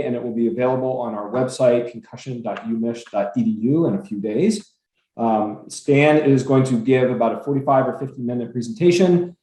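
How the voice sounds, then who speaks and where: Man hosting a video call, mellow voice. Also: mid-range voice, echoey room, poor audio. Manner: steady, organized, reads a formal bio. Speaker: host introducing a speaker. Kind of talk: formal introduction on a video call.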